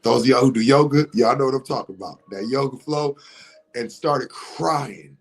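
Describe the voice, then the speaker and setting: A man holding forth in an impassioned monologue, swearing freely and leaning hard on his words. He shifts between calm explaining and loud, heated shouting. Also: medium pitch, moderate pace. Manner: profane, emphatic, rising to shouts. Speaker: monologue speaker.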